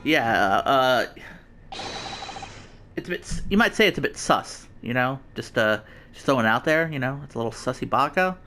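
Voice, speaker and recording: A man's voice: medium pitch, expressive, normal speed, pushed and bright. A man doing casual, jokey gameplay commentary as a let's play host, rambling with many stammered restarts. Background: game music.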